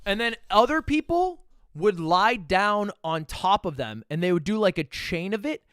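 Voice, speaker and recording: A young man telling stories casually to his live stream audience, animated and swearing, with loud bursts and mumbled asides. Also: high voice, moderate pace, smooth, no room sound, studio quality.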